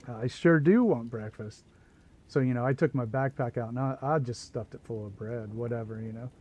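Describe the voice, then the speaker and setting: A man's voice: medium pitch, little pitch movement, fairly quick, a little mellow, a little hiss or hum. A man hosting a livestream, telling a long casual anecdote with asides as he plays. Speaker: livestream host. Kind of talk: casual storytelling while gaming.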